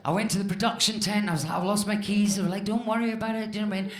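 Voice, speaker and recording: A woman's voice: mid-range voice, fairly even intonation, rapid-fire. A woman in her fifties doing a live stand-up routine, swearing freely and acting out the voices of the people in her story. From Scotland. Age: 50s. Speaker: stand-up comedian. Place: comedy club stage with live audience. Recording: roomy live club sound.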